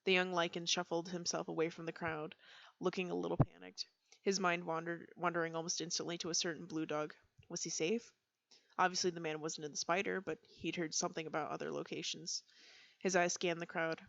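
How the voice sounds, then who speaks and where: A woman's voice: fairly low pitch, flat delivery, brisk, gravelly, a bit bright, muffled recording. A woman casually reading roleplay stories aloud on a stream, often breaking into giggles. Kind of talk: casual read-aloud storytelling.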